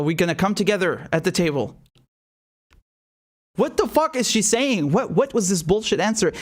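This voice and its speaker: A man reacting to political clips with profane, incredulous and mocking commentary. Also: high voice. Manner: incredulous and mocking, swears often.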